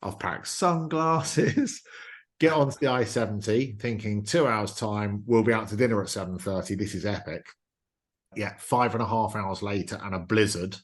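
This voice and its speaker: A man's voice: fairly low pitch, fairly even intonation, normal speed. A man hosting a podcast, telling a travel story with enthusiasm in casual chat. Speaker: podcast host.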